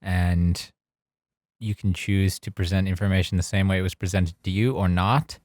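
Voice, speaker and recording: Man, thirties, podcast co-host, storytelling, low voice, dry studio sound. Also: moderate pace, dry recording. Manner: animated storyteller, laughs through the punchlines. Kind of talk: casual storytelling chat.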